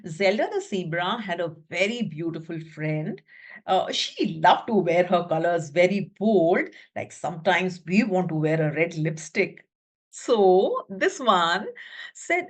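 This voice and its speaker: Woman teacher presenting a webinar: animated, expressive storyteller, slow and higher-pitched. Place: her own room at home.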